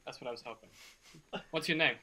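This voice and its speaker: A curt, businesslike shopkeeper woman, put on by a man running a tabletop game. She speaks in quick, clipped questions with a bright edge. It is an everyday voice with little disguise. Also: medium pitch, a little hiss or hum. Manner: terse, matter-of-fact questions.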